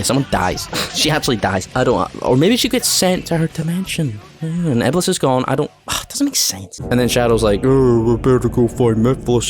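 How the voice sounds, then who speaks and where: A man runs through a game plot in a casual, sarcastic recap, sounding openly fed up with it. His pitch is average, and guitar music plays clearly behind him. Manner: sarcastic, exasperated. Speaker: game commentator.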